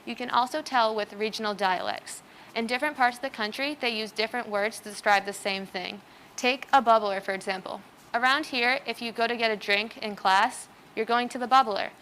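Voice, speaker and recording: A woman's voice: fairly high pitch, a little fast, a bit bright, slight background noise. A teenage girl giving an earnest, example-filled student talk on a school stage. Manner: earnest, explanatory, uses many examples. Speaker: student speaker. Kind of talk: prepared presentation talk.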